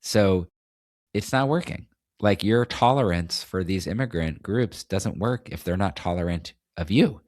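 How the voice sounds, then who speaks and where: A man's voice: low voice, measured pace, darkish tone, no room sound, clean studio sound. A man from New England hosting a solo podcast, talking in a rambling, opinionated way with many restarts. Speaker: podcast host. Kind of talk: casual solo podcast monologue.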